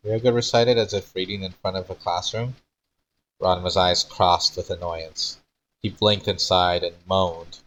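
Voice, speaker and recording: A man's voice: low voice, little pitch movement, moderate pace, a bit bright, rough recording. A man streaming as he reads his own old fan fiction aloud with theatrical flair and small stumbles. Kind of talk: dramatic reading aloud.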